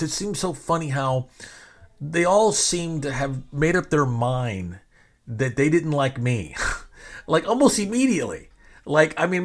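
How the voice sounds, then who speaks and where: A middle-aged man from Arkansas, rambling in an exasperated casual monologue to listeners, swearing freely and laughing now and then. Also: medium pitch. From Arkansas, USA.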